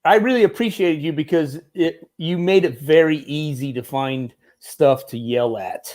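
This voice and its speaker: Higher-voiced man with crude banter. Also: moderate pace, a little mellow. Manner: crude joking banter, laughs a lot. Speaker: military advisor guest. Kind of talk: casual teasing chat.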